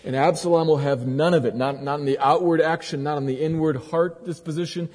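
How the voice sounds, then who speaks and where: Male pastor, dramatic sermon delivery, husky mellow voice, church with long reverb. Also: fairly even intonation, brisk. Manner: dramatic preaching with sharp swings from loud emphasis to low, quiet lines.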